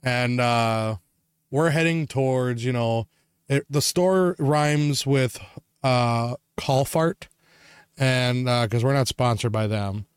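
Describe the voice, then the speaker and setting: A medium-pitched, smooth male voice, recorded dry at studio quality, comes from a Wisconsin man co-hosting a casual podcast. He rants profanely while telling a story about a road trip.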